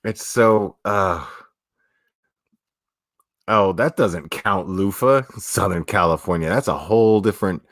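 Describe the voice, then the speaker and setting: This streamer from South Florida, speaking with the region's accent, sits low in pitch and takes things slowly, pausing often in a fairly bright tone. He rambles through casual livestream chat, answering comments with plenty of profanity and restarts. The sound is studio quality with no room sound.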